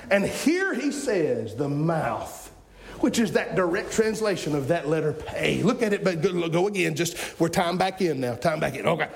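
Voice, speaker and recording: A man in his forties preaching a sermon in a folksy way that rises into shouting. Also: fairly high pitch, very animated, normal speed, gravelly, hardly any pauses, slight background noise. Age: 40s. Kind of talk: fiery sermon.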